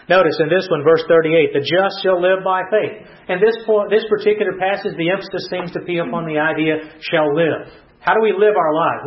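A man preaching an expository sermon to a congregation, teaching verse by verse with repeated phrases and fillers. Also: fairly high pitch. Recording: roomy, dull recording.

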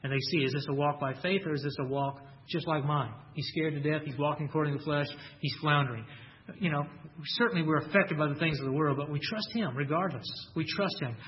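Earnest man preaching, slightly high voice. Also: quick pace, muffled recording. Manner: earnest, repeats key phrases, quotes scripture. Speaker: pastor. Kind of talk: sermon.

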